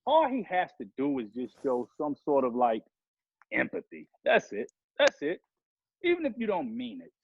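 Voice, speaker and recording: A rapper guesting on a podcast rants heatedly and profanely, rambling from one grievance to another. His slightly high voice swoops wildly in pitch at a normal pace, with vocal fry and a breathy edge, on a dry but dull lo-fi recording.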